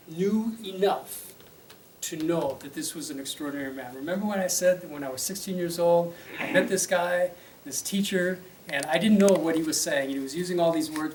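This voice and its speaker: A man's voice: on the high side, a little mellow, a little hiss or hum. Man telling a teaching story, distant roomy mic. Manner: conversational, with fillers and check-ins. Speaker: religious teacher. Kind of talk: storytelling lecture.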